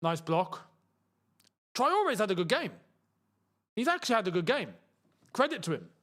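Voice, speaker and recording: A young man gives live reaction commentary on a football match for his watchalong audience. His voice sits high and moves a great deal, and he breaks into shouts and laughter whenever a chance comes. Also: normal speed. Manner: excitable, shouts and laughs at chances, chatty asides.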